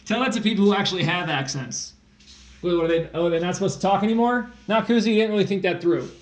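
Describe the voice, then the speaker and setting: A man's voice: high-pitched, quick pace. A man hosting a tutoring livestream, chatting casually and teasing viewers in a playful way. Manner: playful, teasing, jumps into silly voices. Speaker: tutor and stream host. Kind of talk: casual joking livestream banter. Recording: echoey room.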